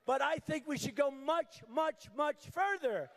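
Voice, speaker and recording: An older man giving a campaign rally speech at a podium microphone, repetitive and emphatic, shouting at times. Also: extremely high pitch, measured pace, slight background noise. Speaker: political candidate. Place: large rally venue.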